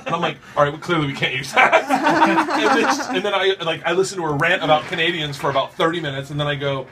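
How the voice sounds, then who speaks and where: A man telling stories as a comedian guest on a radio show, excitable and profane, laughing as he goes. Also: on the high side, fast talker, hardly any pauses, background noise. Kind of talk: storytelling radio interview. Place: radio studio.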